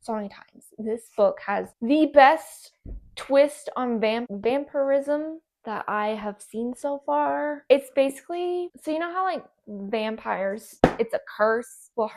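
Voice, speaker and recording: Higher-voiced enthusiastic book vlogger, woman, gravelly fry, gushes on and on. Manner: gushing, enthusiastic, repeats herself. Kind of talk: casual book recommendations.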